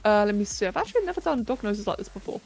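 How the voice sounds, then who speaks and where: A woman's voice: medium pitch, sing-song, rapid-fire, vocal fry, darkish tone. A woman hosting a live stream, chatting casually and thinking aloud with self-mocking humour while she sculpts. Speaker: livestream host. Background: faint electronic music.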